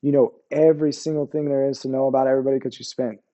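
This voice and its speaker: Speaking very fast in a level, dark-toned mid-range voice, a man in his forties tells his Army war stories as a guest. His candid interview account is profane and meandering, punctuated again and again by "you know what I mean."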